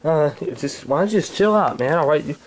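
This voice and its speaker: Shy raccoon guy mumbling low and stammery, someone doing the voice, home comedy skit. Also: lively intonation, brisk, slight background noise, close to an everyday voice, low-quality recording. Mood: hesitant. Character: mellow timid raccoon named Mr. Grumpy.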